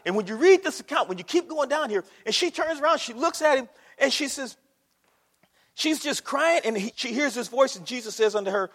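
A man preaching with fervour, his high voice leaping up and down, swinging from a quiet hush to outbursts. His words ring out in a big hall with a long echo. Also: lively intonation, brisk. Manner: impassioned, swinging from soft hush to shouting. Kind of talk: sermon.

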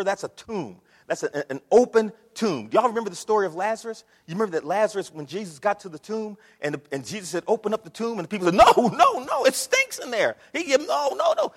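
A man preaching a sermon in a high, animated voice. He reads scripture low and steady, then rises into loud, shouted calls. A long reverb from a large hall hangs behind every phrase. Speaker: pastor.

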